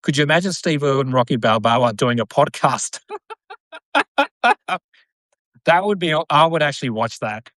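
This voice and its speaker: A man's voice: mid-range voice, expressive, brisk, few pauses, a bit bright, dry recording. A man hosting a casual podcast chat, rambling with lots of fillers. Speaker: podcast host. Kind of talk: casual chat on a live video.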